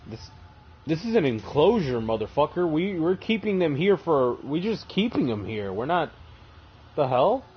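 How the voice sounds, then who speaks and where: A man's voice: fairly high pitch, very animated, moderate pace, husky, dull audio, voice pushed up, full character voice. A man voicing a group of laid-back male planet dwellers who talk in slang and swear casually. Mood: indignant.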